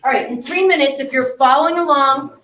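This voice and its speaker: A woman's voice: high voice, fairly quick, a bit bright, echoey room, a little hiss or hum. A woman teaching an art class, talking chattily and directly to her students. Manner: chatty, talks straight to students.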